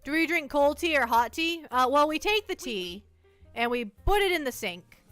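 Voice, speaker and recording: A woman live streamer with a high-pitched, a bit bright voice chats casually at normal speed, animated, playful and rambling as she mocks herself, jittery from too much caffeine. She's at home on a close mic with no room sound and soft background music.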